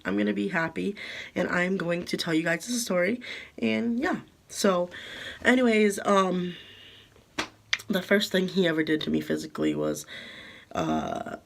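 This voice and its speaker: Young woman with a gravelly, halting voice. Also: lowish voice. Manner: halting, many fillers like "um" and "like". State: emotional, holding back tears. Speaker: vlogger. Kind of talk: storytime vlog.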